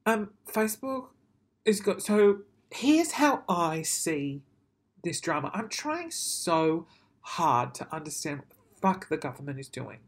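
A man's voice: fairly high pitch, sing-song, a little slow. A man ranting casually to camera, swearing freely and then apologising, in a rambling, self-deprecating way. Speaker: vlogger.

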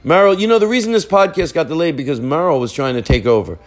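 A man's voice: fairly high pitch, lively intonation, fast talker. Rambling, joking man hosting a podcast. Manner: rambling, jokey, self-interrupting. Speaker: podcast host. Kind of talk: casual family chat.

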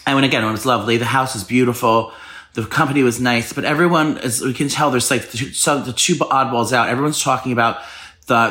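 Casting: male podcast co-host, quick rambling storyteller, bright voice. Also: medium pitch. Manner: rambling storytelling with lots of swearing and restarts. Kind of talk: casual chat.

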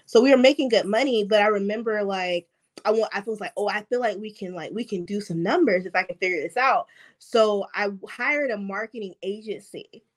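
A woman's voice: mid-range voice, a little fast. A woman guest on a podcast, chatting casually and laughing often as she acts out quotes in her stories. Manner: laughs often, peppers speech with "like"; animated storytelling with acted-out quotes. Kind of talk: casual interview chat.

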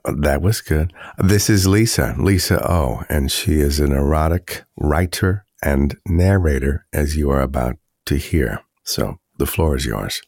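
A man hosting a podcast, asking relaxed, curious questions with some halting restarts. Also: rumbling low, no echo, clean studio sound. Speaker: podcast host. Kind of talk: casual interview.

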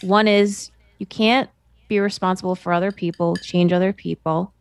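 A woman in casual podcast chat, calmly giving measured advice. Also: lowish voice, clean tone. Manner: calm, advising, measured.

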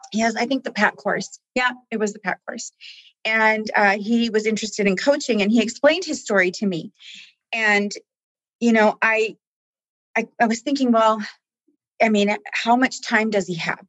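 A woman's voice: a little high, normal speed, a bit bright, no echo, rough recording. Earnest, heartfelt woman guest. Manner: heartfelt, tearful at times, earnest. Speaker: staff member guest. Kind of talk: emotional conversational interview.

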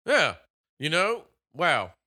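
A young man with a very bright, forward voice and a slightly high pitch riffs through a casual movie-review chat. His intonation swings widely as he rants, swears and slips into quick impressions of characters. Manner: animated, swearing, mimics characters in quotes. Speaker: podcast co-host.

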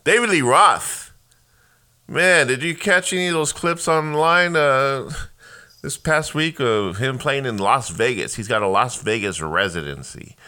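A man's voice: medium pitch, a little slow, sharp tone, clean tone. A man hosting his own podcast, ranting casually with lots of profanity and rambling asides. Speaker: podcast host. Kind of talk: casual comedic rant.

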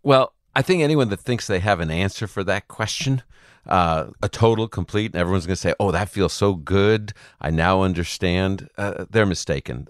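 A man's voice: low-pitched, no room sound, studio quality. A man from the United States, a Bible teacher, giving thoughtful explanations as a radio guest. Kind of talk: radio interview.

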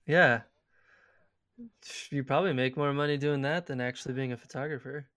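A man hosting a podcast interview, easygoing and quick to laugh. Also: mid-range voice, steady tone, fairly bright tone, no room sound, clean studio sound. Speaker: podcast host. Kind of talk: casual interview chat.

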